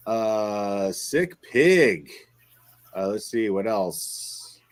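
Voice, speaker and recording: A man's voice: on the low side, lively intonation, drawn-out words. A man streaming live, mocking and swearing as he goes over comments. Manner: mocking and profane.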